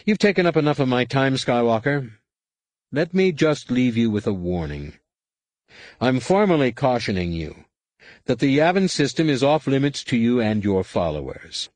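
A man's voice: mid-range voice, darkish tone, no room sound, close to an everyday voice. A man voicing a scheming male alien politician who speaks in a condescending, clipped and threatening way.

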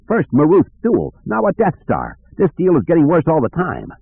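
A man voicing an excitable, greedy male smuggler whose voice cracks up high. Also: moderate pace, creaky, husky, no echo, heavily acted. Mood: dismayed. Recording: dry tinny phone-like audio.

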